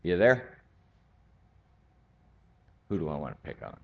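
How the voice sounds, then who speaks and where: A man teaching a Bible study class, speaking slowly and deliberately and building to emphatic points. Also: low-pitched, very animated, vocal fry. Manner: slow, deliberate, rising to emphatic. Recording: dull lo-fi recording.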